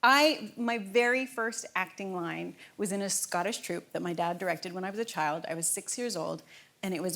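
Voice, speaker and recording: A woman's voice: on the low side, moderate pace, gravelly, noisy background. A woman from Canada, an actress guest on a chat show, easily amused. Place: TV studio with live audience.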